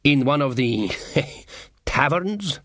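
A man's voice: mid-range voice, expressive, extremely slow, a bit bright, dry recording, clean studio sound, heavily acted. Man doing a suave dwarf charmer. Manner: suave, courtly. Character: smooth-talking male dwarf ladies' man.

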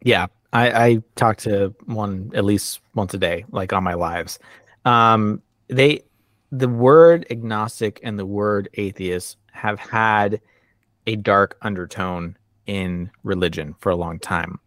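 A man hosting a podcast, chatting casually, animated and laughing as he acts out what others said. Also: on the low side, takes it slowly, dry recording, studio quality. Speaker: podcast host. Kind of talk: casual conversation.

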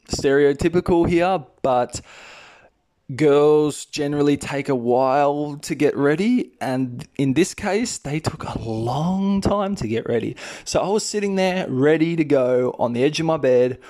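An Australian man in his thirties, a podcast host and English teacher, telling a personal story in a chatty, animated way. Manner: chatty, animated, raises pitch for quoted voices. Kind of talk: casual storytelling.

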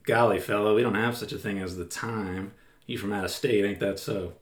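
A man's voice: lowish voice, fairly even intonation, brisk, lightly acted. A man voicing a chatty, folksy male mill worker from Oregon in an old-timey drawl, recorded in a roomy space. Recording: roomy echo.

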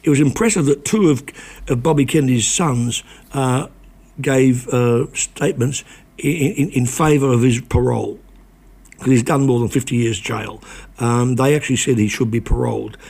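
An older man, a former reporter, talking as a guest in a casual conversation, halting often with restarts and repeated words. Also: medium pitch, vocal fry, darkish tone, slightly rough.

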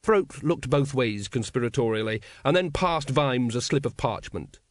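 A man's voice: medium pitch, lively intonation, normal speed, dry recording, clean studio sound. Man narrating a comic audiobook drily. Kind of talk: scripted narration.

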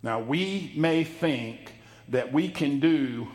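Male pastor, folksy sermon delivery, higher-pitched voice, dramatic loud-soft swings. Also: slow pace. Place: church sanctuary.

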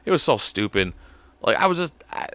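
Casual podcast storyteller: young Chicago man, cussing, rambling, mid-pitched, close and dry. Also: big pitch swings, a little fast, fairly bright tone, no room sound. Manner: profane, rambling, laughing often. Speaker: podcast co-host.

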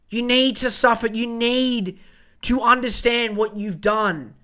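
A man's voice: very high voice, fairly bright tone. A man hosting a podcast, ranting heatedly and swearing freely in a casual monologue. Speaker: podcast host.

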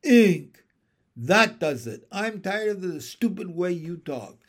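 An exasperated mother frog in a storybook, fussing and scolding at length, as a man puts her on while reading. The voice is a little high and very lively in pitch, with a slow, drawn-out delivery. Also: full character voice. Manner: fussy, scolding complaints. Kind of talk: storybook read-aloud.

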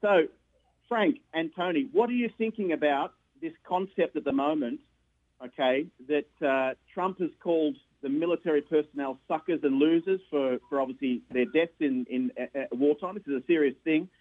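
A man's voice: on the high side, moderate pace. Australian man on a tinny phone line. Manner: earnest, repeats words, says mate. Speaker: caller. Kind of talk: phone-in call.

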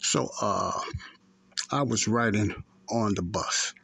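A low-voiced man in his fifties chats casually as a podcast host and keeps circling back over the same points. His voice is raspy and sits close and dry on the mic. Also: takes it slowly, fairly bright tone, no room sound. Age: 50s. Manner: rambling, repetitive, self-correcting. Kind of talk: casual talk and storytelling.

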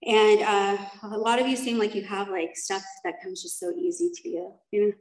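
Speaking at a moderate pace with lively intonation, a woman with a medium-pitched, darkish voice recounts her personal story at a recovery meeting. She's candid, rambling and self-deprecating, laughing often, and the low-quality recording has an echoey room sound.

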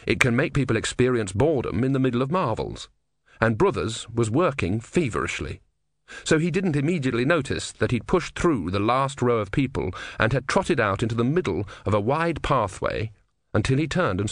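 A man's voice: medium pitch, fairly bright tone, dry recording. A man narrating a comic fantasy audiobook with dry, wry delivery.

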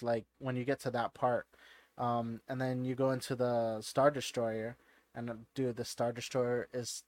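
This male podcast co-host chats casually at medium pitch, rambling with many fillers and false starts. The recording is dry.

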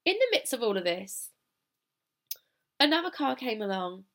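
A woman's voice: fairly high pitch, very animated, normal speed, a bit bright. A British woman hosting a solo podcast, telling a personal story in a chatty, casual, self-deprecating way with informal wording. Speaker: podcast host.

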